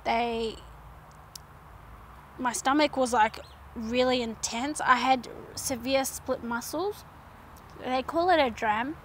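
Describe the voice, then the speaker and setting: Young woman vlogger, high bright voice, chatty and animated, retelling a personal story with fillers. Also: takes it slowly, pauses often, a little hiss or hum. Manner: animated retelling, acts out her own past lines. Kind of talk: casual storytelling vlog.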